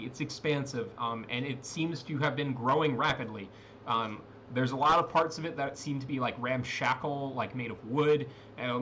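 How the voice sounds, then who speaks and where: A man acts as game master for a tabletop role-playing game, narrating in a rambling way full of fillers and restarts. His voice is medium in pitch and fairly bright, with slight background noise.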